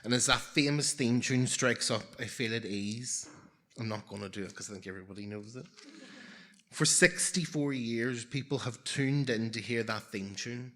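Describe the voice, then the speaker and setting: A man's voice: mid-range voice, moderate pace, pushed and bright. A man in his forties telling a personal story live on stage, with wry, self-mocking humour and comic timing.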